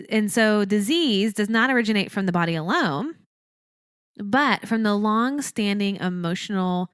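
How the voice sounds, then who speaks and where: A woman's voice: mid-range voice, fairly bright tone, dry recording, studio quality. A woman hosting a podcast alone, talking earnestly in a teaching way and repeating phrases for emphasis. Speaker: podcast host. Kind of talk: reflective solo podcast talk.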